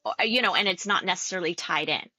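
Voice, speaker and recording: A Canadian woman, an actor and coach, speaking in a casual interview in an animated, chatty way and often laughing. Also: lowish voice, quick pace, dry recording. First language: English.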